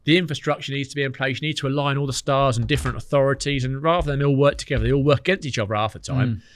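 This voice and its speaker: A man, a podcast guest telling lively stories in casual chat, acting out what others said. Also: mid-range voice. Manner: fast, animated storytelling with quoted dialogue.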